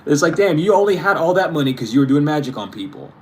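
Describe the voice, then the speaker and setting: A man's voice: on the high side, big pitch swings, fast, slight background noise. A man giving a spiritual reading to his viewers, ranting emphatically and swearing freely. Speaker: tarot reader.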